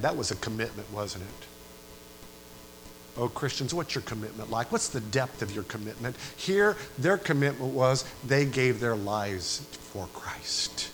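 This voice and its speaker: A man preaches a sermon to a church congregation, dropping to quiet, low asides and then climbing to loud, emphatic peaks. He keeps turning to his listeners with repeated questions. A faint hum sits behind the recording. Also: lively intonation, a little slow. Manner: preaching with big swings between quiet asides and loud rising climaxes.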